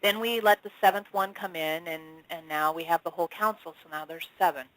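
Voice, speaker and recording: A woman, a spiritual channel, telling her story as an interview guest with animated delivery, swearing casually and acting out the dialogue. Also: brisk, dry recording, rough recording. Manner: expressive, casual swearing, acts out dialogue with big pitch swings.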